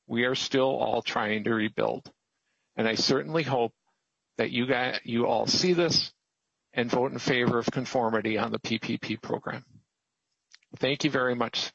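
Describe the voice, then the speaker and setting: A man with a gravelly, husky voice makes an emphatic, pleading case before a committee. The sound is dry and muffled, like a lo-fi hearing feed. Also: mid-range voice, steady tone, moderate pace, a bit bright, no echo. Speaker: testifier, business owner. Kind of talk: formal public testimony.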